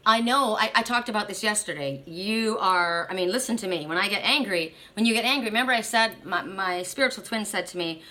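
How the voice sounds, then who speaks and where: A woman with a bright, forceful voice gives a spiritual card reading straight to her listeners. She talks emphatically, circles back on her own phrases, and keeps checking in with a quick "right?". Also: medium pitch. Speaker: oracle card reader.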